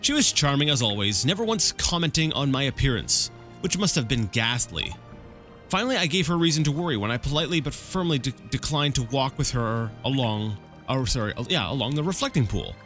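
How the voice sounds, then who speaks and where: Brief: male let's play host, animated read-aloud, bright tone, stumbling and chatty. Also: mid-range voice, fairly quick, soft background music. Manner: stumbles over words, animated asides. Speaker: let's play host reading an in-game book. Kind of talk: casual read-aloud with commentary.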